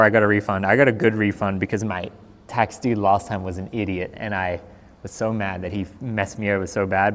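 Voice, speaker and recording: A man's voice: on the low side, big-room sound. A young man with an Australian accent, a skateboarder chatting casually on a live stream in a laid-back, slangy way.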